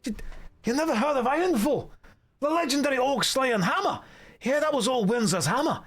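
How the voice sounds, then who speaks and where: A man's voice: very high voice, lively intonation, a little fast, fairly bright tone, voice pushed up, full character voice. A man voicing a boastful, rambling male dwarf storyteller in a put-on Scottish accent, reading game dialogue aloud. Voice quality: rolling brogue, folksy, rambling.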